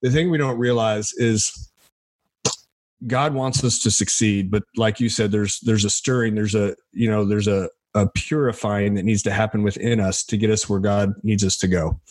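A man's voice: on the low side, fairly even intonation, normal speed, darkish tone, no room sound. A man hosting a faith podcast, chatting casually with his guest and agreeing briefly. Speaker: podcast host.

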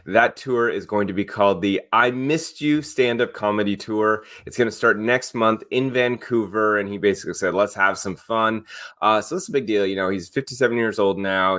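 Man hosting a celeb news podcast, lowish voice, upbeat and chatty. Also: a bit bright. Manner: upbeat, reads stories conversationally. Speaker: co-host. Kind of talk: casual chat and news rundown.

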